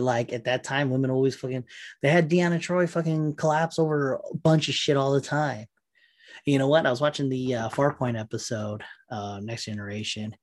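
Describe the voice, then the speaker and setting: A man in a rambling, profane, animated casual rant. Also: mid-range voice.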